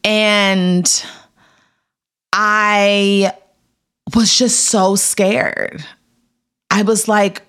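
A woman's voice: very slow, long pauses, clear, resonant tone. A woman in her thirties, an actor being interviewed, telling a candid personal story in a casual, filler-heavy way and acting out the voices she quotes. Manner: animated, acts out quoted voices with big pitch jumps; casual, filler-heavy, laughs between lines.

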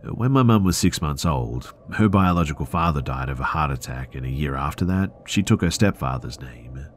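Very deep-voiced man narrating horror stories. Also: expressive, slight background noise. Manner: measured, earnest storytelling. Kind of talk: scripted narration of listener stories.

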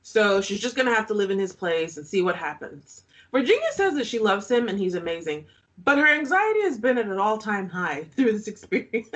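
A woman's voice: mid-range voice, very animated, a little fast, fairly bright tone. A woman co-hosting a podcast, recapping a reality show in casual chat, often laughing and making sarcastic asides.

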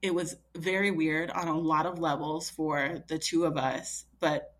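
A woman's voice: low voice, fairly even intonation, a little slow. A woman in her thirties, a podcast guest telling a personal story in a chatty way, full of fillers and quoting herself. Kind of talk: casual storytelling.

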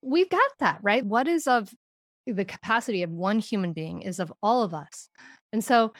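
A woman's voice: medium pitch, expressive, moderate pace, no echo, studio quality. A woman as a podcast guest, explaining in an earnest way and laughing now and then. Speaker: guest, parenting expert. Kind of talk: podcast interview.

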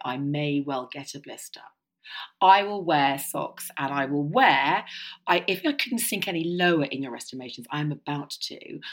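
A middle-aged woman co-hosts a chatty podcast. Her voice sits low but swings widely as she talks. Her delivery is emphatic and animated, ready to laugh. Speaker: podcast co-host. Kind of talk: casual chat.

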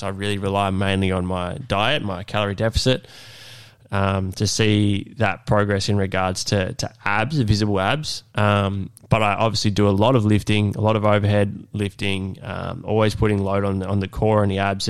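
A man hosting a solo fitness podcast, talking in a loose, relaxed way with lots of fillers. He sounds nasal and congested from being unwell. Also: on the low side, normal speed, smooth, no echo. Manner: relaxed, many fillers and restarts.

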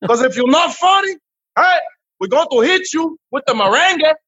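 A man's voice: very high voice, expressive, moderate pace, pushed and bright, muffled recording, pitched above the performer's own voice, exaggerated voice. A man voicing a stern male Dominican club patron with a Dominican Spanish accent, teasing and threatening.

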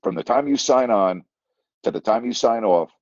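A man's voice: medium pitch, moderate pace, a little mellow, no room sound. An older man, a sports broadcaster, telling a story in a rambling way, repeating phrases and chuckling mid-sentence. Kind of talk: casual storytelling monologue. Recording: dull lo-fi, dry sound.

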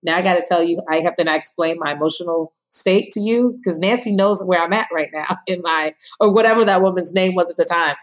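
A woman in her thirties shares her birth story as a guest on a podcast. Her voice sits lowish, and she bursts into high, animated quotes and laughter as she acts out the people in her story. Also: fairly quick, few pauses.

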